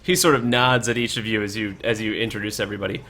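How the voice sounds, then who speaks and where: Game master guy narrating a tabletop game, casual and halting, faint music behind. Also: fairly low pitch, steady tone, sharp tone.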